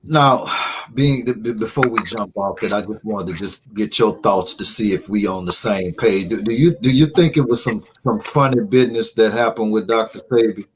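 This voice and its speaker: A man's voice: lowish voice, moderate pace, slight background noise, rough recording. A man hosting a casual radio interview, laid-back and often chiming in with short replies. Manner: laid-back, frequent backchannels. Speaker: radio show host.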